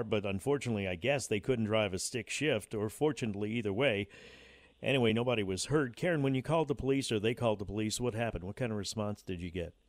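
A man hosting a live talk radio show, interviewing a caller and reading station breaks in a brisk broadcast manner. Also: lowish voice, dry recording, studio quality. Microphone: studio microphone.

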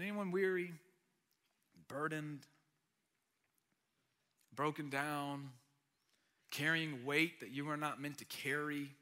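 Bright-voiced earnest male pastor preaching. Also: on the high side. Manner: earnest, swings between loud emphasis and hushed near-whisper. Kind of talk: sermon.

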